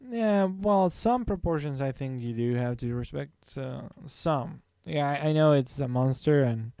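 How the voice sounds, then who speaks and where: Unhurried and warm, this man's medium-pitched voice has a clean tone with no echo. He streams his drawing and chats loosely with himself and viewers, rambling and self-correcting as he thinks aloud.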